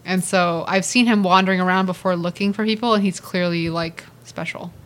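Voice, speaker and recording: A woman's voice: fairly low pitch, fairly even intonation, brisk. A woman in her twenties co-hosting a podcast, telling a story in casual chat, quoting people and laughing. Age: 20s. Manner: storytelling, with voiced quotes and laughs. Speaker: podcast co-host.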